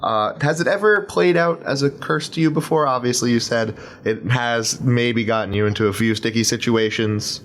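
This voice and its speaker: A man's voice: medium pitch, moderate pace, hardly any pauses, a little hiss or hum. A man co-hosting a casual podcast, playful and wordy as he reacts to his guest. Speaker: podcast co-host.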